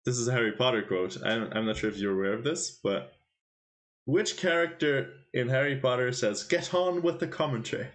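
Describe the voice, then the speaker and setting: Livestreaming a chess tournament, a man in a medium-pitched, slightly bright voice commentates at a moderate pace. He's playful with his chat, teasing them with quiz questions.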